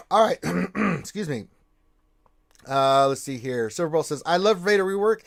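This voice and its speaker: Lively man hosting a gaming livestream. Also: a little high, unhurried, vocal fry. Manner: lively, loud shout-outs. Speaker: livestream host reading chat. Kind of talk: casual gaming stream chat.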